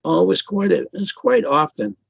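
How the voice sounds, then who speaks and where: A man's gravelly, husky voice comes through in a casual interview. He talks haltingly, full of fillers and restarts. The sound is dry and a little dull, lo-fi. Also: high voice, lively intonation, dry recording. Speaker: author guest.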